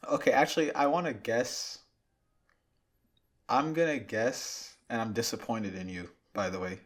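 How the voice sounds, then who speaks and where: A man's voice: medium pitch, a little slow. A man co-hosting a podcast in casual chat, playful and teasing, often laughing. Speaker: podcast co-host.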